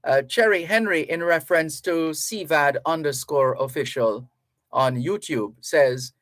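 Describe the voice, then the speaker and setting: Slow, chatty Jamaican radio host. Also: male voice, fairly high pitch, a bit bright, no room sound. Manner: slow, chatty, reads listener messages aloud. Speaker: radio talk show host. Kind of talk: radio talk show monologue. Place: radio studio. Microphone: studio microphone.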